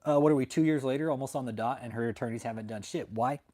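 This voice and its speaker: A man's voice: mid-range voice, fast talker, mellow. A young adult man hosting a channel, telling a story to his viewers in a brash, profane, casual rant. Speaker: channel host.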